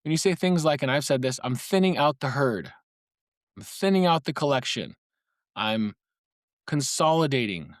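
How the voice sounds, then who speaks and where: A man's voice: medium pitch, dry recording, studio quality. A man hosting a solo comic podcast, talking in a wry, playful, conspiratorial way and laughing between phrases. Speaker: podcast host.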